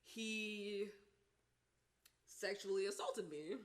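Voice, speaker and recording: A woman co-hosting a podcast, telling stories in a casual, animated way with lots of laughter and swearing. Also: medium pitch, extremely slow. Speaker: podcast co-host.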